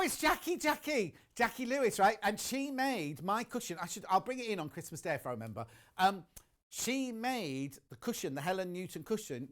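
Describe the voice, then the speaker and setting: A man hosts a live shopping demonstration from a TV studio, chatting eagerly to the viewers at home. His voice sits a little high and swoops up and down with lively intonation. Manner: chatty, enthusiastic, talks straight to viewers. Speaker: shopping channel presenter.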